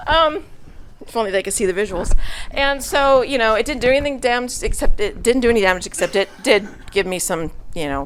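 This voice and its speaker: A woman's voice: a little high, a bit bright, a little hiss or hum. Chatty woman telling a church story. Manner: chatty, laughing, many fillers and restarts. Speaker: church speaker. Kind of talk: casual storytelling message to a congregation.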